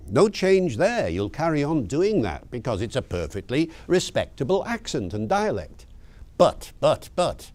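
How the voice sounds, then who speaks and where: Older male lecturer, mid-pitched, expressive intonation, chatty emphatic talk to teachers. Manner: lively, conversational, emphatic with asides. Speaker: linguist speaking to teachers.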